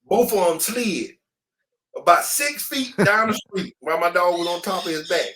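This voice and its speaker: A man with a high voice tells his story casually as an interview guest. His talk is slangy and animated, and he acts out the sounds himself. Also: moderate pace, slight background noise.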